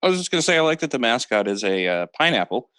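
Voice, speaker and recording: A man co-hosting a comedy podcast who tells dry, deadpan jokes. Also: medium pitch, fast, clear, resonant tone. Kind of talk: casual podcast chat.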